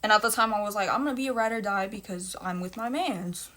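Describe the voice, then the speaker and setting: A woman's voice: medium pitch, fast, sharp tone. A young woman telling a personal story in a casual storytime monologue, blunt and emphatic, with heavy swearing and repeated phrases.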